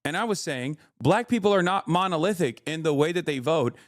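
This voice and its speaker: Male streamer, higher voice, angry and profane, dry close mic. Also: lively intonation, fairly quick, no room sound. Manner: profane, heated, combative. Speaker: political livestreamer. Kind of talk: livestream rant to chat.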